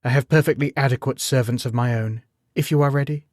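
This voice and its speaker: A male storyteller voicing a cold, imperious old woman servant in a low, smooth tone, curt and commanding. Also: steady tone, fast, darkish tone, no echo, studio quality, lightly acted.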